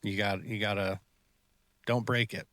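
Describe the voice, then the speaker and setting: Earnest low-voiced man giving life advice. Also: fairly even intonation, a little slow, dry recording. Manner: earnest, advice-giving, trailing into quiet asides. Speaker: podcast co-host, martial arts instructor. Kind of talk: casual podcast chat.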